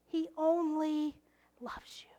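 A woman preaching a heartfelt sermon, slow and emphatic, often dropping to a soft whisper. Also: sits high, completely flat delivery.

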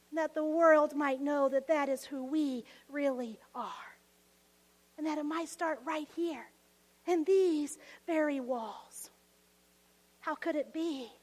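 High-voiced woman preaching with feeling. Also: in a large hall, poor audio. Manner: impassioned, swinging between emphatic and whispered. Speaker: pastor. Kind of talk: sermon.

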